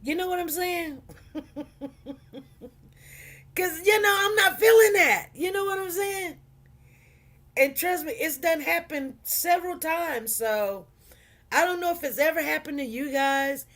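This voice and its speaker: A woman's voice: sits high, a little slow, a bit bright. A middle-aged woman with a Chicago accent chatting casually to her livestream viewers, repeating herself and talking straight to the audience. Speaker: livestream host.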